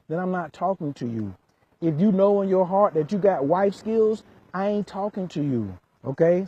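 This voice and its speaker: A man's voice: high voice, dark tone, breathy edge, lo-fi sound. A man working as a relationship coach, lecturing hard in an emphatic vlog rant full of street slang.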